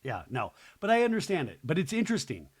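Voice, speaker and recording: A man's voice: on the high side, wildly swooping pitch, fast talker, husky. A man hosting a podcast, chatting casually through a reality TV recap with opinionated asides. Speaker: podcast host.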